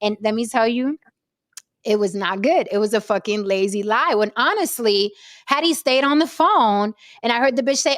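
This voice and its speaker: A woman with a fairly high voice hosts a casual chat show and tells stories with lots of profanity and animated energy. Her voice sounds close and dry, with very little room sound. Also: brisk, no echo. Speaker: podcast host.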